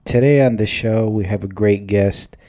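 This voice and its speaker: A man's voice: on the low side, steady tone, moderate pace, mellow, no room sound. A man hosting a podcast, introducing a guest and asking questions with brief, friendly acknowledgements. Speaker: podcast host. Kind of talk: casual interview hosting.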